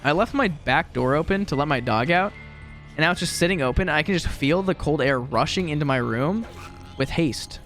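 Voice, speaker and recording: Young man, gaming commentary, slightly high, very animated pitch, faint music behind. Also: fairly quick. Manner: rambling, chatty, self-deprecating. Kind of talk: casual gameplay commentary. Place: home room.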